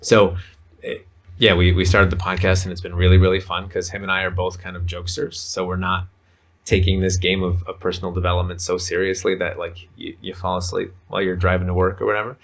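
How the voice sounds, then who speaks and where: A man's voice: deep voice, monotone, fairly quick, gravelly, a bit bright. A man talking as a podcast guest in casual, rambling conversation, full of fillers. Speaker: podcast guest, men's coach.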